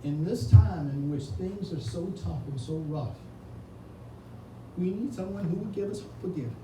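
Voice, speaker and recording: Earnest male candidate, tearful campaign speech, slightly high voice, heard from far off with ambient noise. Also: lively intonation, normal speed. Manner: earnest, heartfelt, repeats words when moved. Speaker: political candidate. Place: indoor reception room. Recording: echoey room, distant mic, ambient noise.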